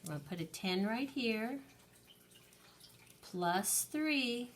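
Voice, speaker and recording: A woman teacher slowly and patiently counting aloud through an early-grade lesson for young children. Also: on the high side, animated.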